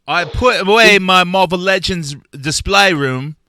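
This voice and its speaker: A man's voice: high voice, measured pace, clear, resonant tone, no room sound. A man co-hosting a podcast, cracking crude jokes and laughing a lot. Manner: loud laughing, crude jokes, dips into mock voices. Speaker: podcast co-host. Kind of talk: crude comedic banter.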